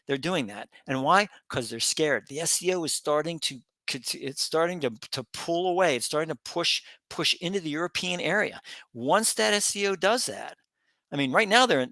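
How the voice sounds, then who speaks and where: A man's voice: fairly high pitch, sharp tone, no echo. Emphatic folksy middle-aged man, dry close mic. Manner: emphatic, repetitive, folksy asides. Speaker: political commentary host. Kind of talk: casual opinion monologue.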